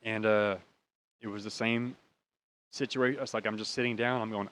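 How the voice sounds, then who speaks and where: A man's voice: on the low side, fairly even intonation, moderate pace, fairly bright tone. A young American man tells a personal story in an easy, rambling way. His speech is casual and full of swearing, with emotion running through it. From United States. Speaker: podcast host.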